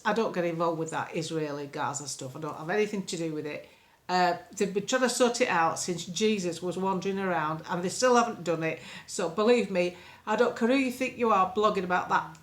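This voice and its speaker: Older english woman ranting on a home phone vlog, blunt and rambling, swoopy pitch. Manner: blunt, opinionated, meandering, lively swings in pitch. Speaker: political vlogger. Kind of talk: casual rambling monologue to camera. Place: home, indoors. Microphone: phone camera.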